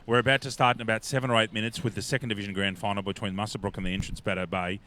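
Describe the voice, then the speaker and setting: A man's voice: on the low side, level tone, racing. A man with an Australian accent, a local football commentator, introducing teams and bantering with his co-host. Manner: warm, bantering announcer. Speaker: sports commentator. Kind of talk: live sports commentary. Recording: faint background noise.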